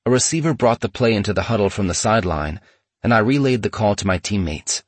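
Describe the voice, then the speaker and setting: A man narrating a memoir in a steady, measured storytelling manner. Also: fairly low pitch, husky, no echo.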